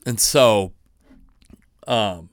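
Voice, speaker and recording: A man's voice: on the low side, extremely slow, no room sound, studio quality. A man in his thirties hosting a casual solo podcast, rambling with lots of restarts and self-deprecating asides. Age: 30s. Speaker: podcast host.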